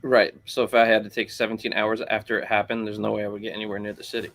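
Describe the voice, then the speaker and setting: A man's voice: lowish voice, little pitch movement, racing, a bit bright. A man co-hosting a casual sports chat, rambling and filling his talk with "like" and "bro". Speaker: podcast co-host.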